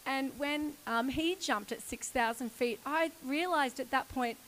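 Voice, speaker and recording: A woman in her forties telling a lively personal story in a sermon, laughing often. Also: high-pitched, a little slow, slight background noise, poor audio. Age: 40s. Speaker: church speaker.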